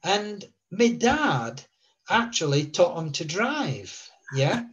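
A man's voice: high-pitched, sing-song, slow pace, a bit bright, muffled recording. A man, a guest telling a long story in a rambling way with many fillers. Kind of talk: relaxed storytelling.

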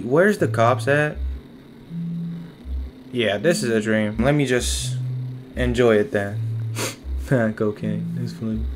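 A man streaming a game, chatting in casual slang at a slow, easy pace. His voice is mid-pitched, and guitar music plays clearly in the background. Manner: casual, joking slang, talks to chat. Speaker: gaming streamer. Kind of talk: let's play commentary.

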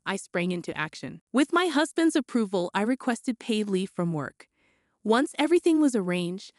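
A woman giving expressive first-person scripted story narration, her pitch jumping up on questions. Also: dry recording, studio quality.

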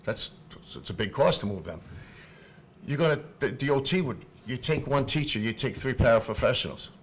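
A middle-aged man, speaking up as a parent at a public meeting, halting and repeating himself, then rising to shouting. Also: mid-range voice, animated, slight background noise. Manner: impassioned, halting, repeats words, swings from quiet to shouting. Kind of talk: emotional unscripted public comment.

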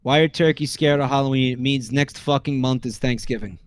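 A man on a stream reading out a list of jokes in a weary, deadpan way, sounding exasperated. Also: medium pitch, fairly quick, no echo. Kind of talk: casual stream chat.

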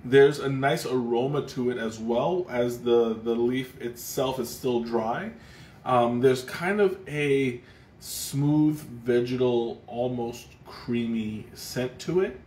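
Casting: easygoing male stream host, mid pitch, talks in loose rambling restarts, echoey room with faint hiss. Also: slow, a little mellow. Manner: rambling, thoughtful, frequent restarts and fillers. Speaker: livestream tea taster. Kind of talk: casual live tasting chat. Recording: roomy echo, faint background noise.

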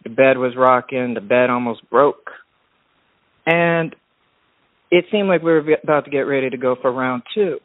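A man calling in to a talk show, telling a story in a relaxed, rambling way full of restarts. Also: mid-range voice, moderate pace, pauses often, no room sound. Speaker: caller. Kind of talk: casual storytelling on a call-in show. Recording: tinny phone line.

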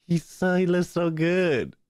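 A young man with a high-pitched, a little mellow voice hosts a casual drawing stream, with slight background noise present. He laughs, curses and talks with his chat as he draws.

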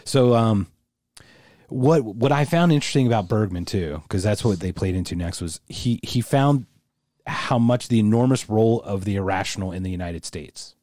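Low, dark-voiced man chatting on a podcast. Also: moderate pace, no room sound, studio quality. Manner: thinks aloud, rambling with restarts, emphatic. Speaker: podcast co-host. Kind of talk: casual conversational chat.

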